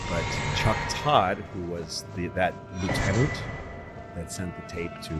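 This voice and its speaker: A man co-hosting a podcast, telling long rambling stories in casual chat, swearing freely and jumping into quick impressions. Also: low voice, over music. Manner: rambling, profane, jumps into impressions. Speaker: podcast co-host.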